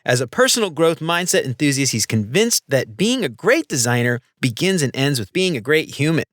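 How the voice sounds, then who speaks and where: A man's voice: a little high, big pitch swings, brisk, a bit bright, no echo, studio quality. A man hosting a casual podcast interview, talking enthusiastically and gushing about his guest. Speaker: podcast host.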